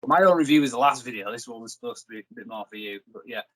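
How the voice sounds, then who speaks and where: A man's voice: mid-range voice, rapid-fire, fairly bright tone, rough recording. A young man hosting a review video, rambling and joking in casual chat. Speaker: reviewer and host.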